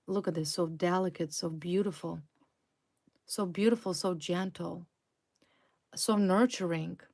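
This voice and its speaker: Slow, intense woman tarot reader. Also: lowish voice, vocal fry, darkish tone. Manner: intense, repetitive, dramatic emphasis. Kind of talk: tarot reading to viewers.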